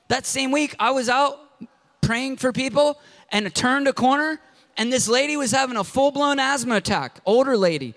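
A man preaching a sermon as a pastor, telling stories with lively, joking energy and sudden loud outbursts. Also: extremely high pitch, normal speed. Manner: animated storytelling with loud outbursts and jokes. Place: church.

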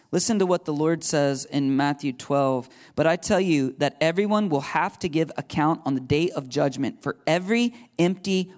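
Man, preacher, sermon before a congregation, fairly high voice, chatty, jokes at his own expense. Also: a little mellow. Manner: conversational, joking asides, laughs at himself.

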